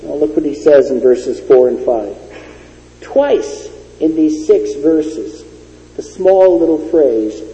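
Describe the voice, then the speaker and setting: A man's voice: on the high side, expressive, a little slow, mellow. A man preaching a sermon with an emphatic, storytelling delivery. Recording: dull lo-fi recording in an echoey hall.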